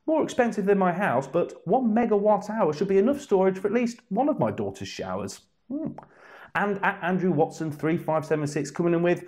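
A man hosts a comedic roundup of viewer comments. He sounds playful and sarcastic, with mock exasperation. His pitch rises and falls a lot. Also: big pitch swings, fairly quick, a little mellow. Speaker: segment presenter.

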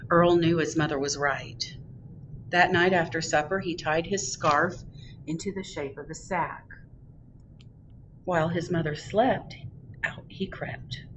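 Slow, expressive woman reading a storybook. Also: deep voice, distant mic, lo-fi sound, background noise. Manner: expressive, drawn out. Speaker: children's librarian. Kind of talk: reading a picture book aloud.

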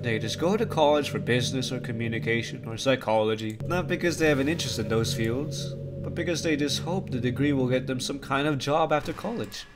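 A man voicing a cheerful teenage girl in a game, reading her dialogue aloud with an earnest, chatty manner. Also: on the high side. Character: cheerful teenage girl musing about life.

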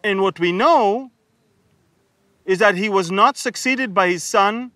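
A man's voice: high voice, slow, bright, forceful tone, no room sound. A man, teaching a humorous Bible sermon and acting out the people in the story. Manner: humorous, acts out biblical figures with sarcasm and laughter.

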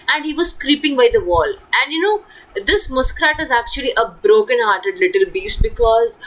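A woman teacher with a fairly high voice explains a story to children, breaking it into simple words. She keeps asking questions and checking that they follow. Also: fairly bright tone, poor audio. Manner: explains in simple words, asks questions, says okay often.

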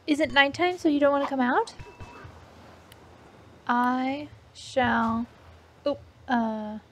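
Woman let's play host, high and very unhurried, giggly and cooing over the game. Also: slight background noise. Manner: cooing, giggly, easily delighted. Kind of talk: casual gameplay commentary.

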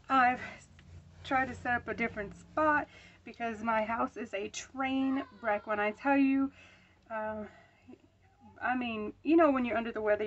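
A woman's voice: fairly high pitch, a bit bright, muffled recording. A young woman vlogging at home about her budget, chatty with many ums, out of breath as she counts bills aloud. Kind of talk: casual budgeting talk while counting cash.

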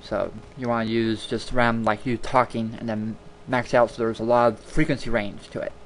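A tutorial host with a level, mid-range voice talks at a moderate pace while recording his screen at home on a desktop mic. His style is casual, chatty and rambling, with words repeated for emphasis, and slight background noise comes through.

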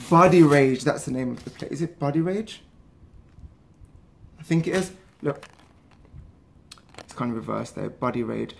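A young man from England, chatting casually and rambling in a travel vlog. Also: medium pitch. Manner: chatty, rambling, lots of fillers. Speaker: vlogger.

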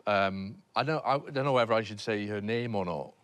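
A man's voice: fairly low pitch, normal speed, a bit bright, clear, resonant tone. A Welsh man telling an embarrassing story on a comedy panel show, hesitant and self-deprecating, with many fillers and restarts. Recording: noisy TV studio recording.

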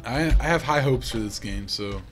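A man's voice: medium pitch, lively intonation, moderate pace. A man giving casual, wry commentary while playing a farming game, with faint game music behind. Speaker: gaming YouTuber. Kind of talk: casual let's-play commentary.

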